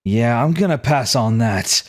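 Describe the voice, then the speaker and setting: A man's voice: medium pitch, lively intonation, unhurried, natural voice. A man voicing a defiant young fighter making an angry threat in a tabletop game. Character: defiant young male fighter with a flaming sword.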